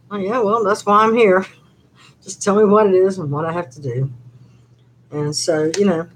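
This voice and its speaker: A woman's voice: mid-range voice, low-quality recording. Older lady chatting on her live stream, rambly, lots of um and you know, a little noise behind. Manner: rambling, chatty storytelling with many fillers. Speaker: channel host on a live chat. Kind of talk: casual live-stream chat.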